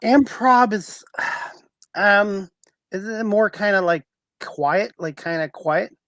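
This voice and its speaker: A man's voice: high voice, slow pace, a bit bright, no echo. A man hosting a live-streamed talk show, who asks friendly, rambling, conversational questions.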